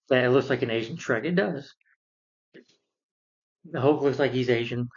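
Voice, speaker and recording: A man's voice: medium pitch, highs cut off. A man rambling through an exasperated movie review rant, full of fillers and restarts.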